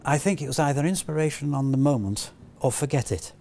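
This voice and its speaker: A man's voice: on the high side, a little fast, gravelly. A man with a French accent reminiscing in an interview, acting out old conversations as he goes. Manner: animated, acts out past conversations. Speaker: puppet animator interviewee.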